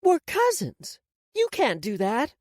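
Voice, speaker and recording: A woman voicing a tearful, stubborn eleven-year-old girl in an audiobook, with high, shrill outbursts. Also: huge pitch swings, slow pace, darkish tone, no echo, clean studio sound, exaggerated voice. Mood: pleading.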